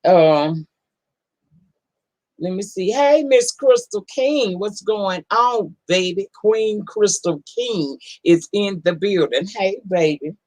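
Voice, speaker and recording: A woman's voice: on the low side, slow, darkish tone, dry recording, poor audio. A woman hosting a casual live-stream, greeting viewers one by one in a folksy, affectionate way. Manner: folksy, affectionate, calls people honey and baby. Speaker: livestream host.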